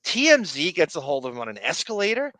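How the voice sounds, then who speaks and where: A man's voice: on the high side, huge pitch swings, fast talker, bright, forceful tone, no echo. A man co-hosting a podcast, talking in a blunt, rambling, profane casual way. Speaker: podcast co-host.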